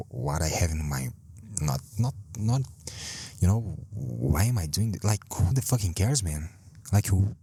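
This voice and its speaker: A man hosting a rambling solo podcast from a parked car, speaking English as a second language, self-deprecating and swearing a lot with halting restarts. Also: low voice, darkish tone, husky. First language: not English. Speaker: podcast host.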